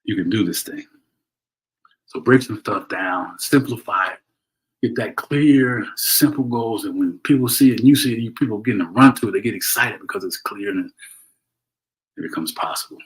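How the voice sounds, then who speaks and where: On a solo livestream from home with poor audio, a middle-aged host speaks at a normal speed in a lowish voice. Earnest and preachy, he often restarts and keeps adding "right?" to his points.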